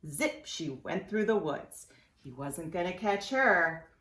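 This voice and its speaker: A woman's voice: fairly low pitch, takes it slowly, echoey room. A woman preschool teacher reading a storybook aloud to young children, inviting them to join in. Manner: animated, asks children to join in.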